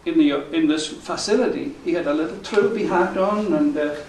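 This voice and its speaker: A man's voice: on the high side, moderate pace, vocal fry, darkish tone, slight background noise. A man telling a rambling story to a live audience, chuckling and correcting himself as he goes. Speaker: folk musician telling a story on stage. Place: live concert venue. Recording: echoey, from a distant mic.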